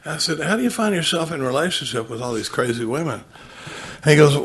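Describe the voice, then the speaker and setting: A man's voice: a little high, lively intonation, brisk, a bit bright, slightly rough. A middle-aged man speaking at a recovery meeting, telling stories with quoted dialogue and laughing often.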